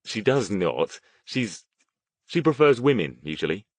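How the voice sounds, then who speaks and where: Brief: wry, grumbling wizard, low and close, the narrator's own register. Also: male voice, a little slow, no echo. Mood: dry. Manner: dry, muttering, deadpan. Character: dry, reserved male mage, wry and grumbling.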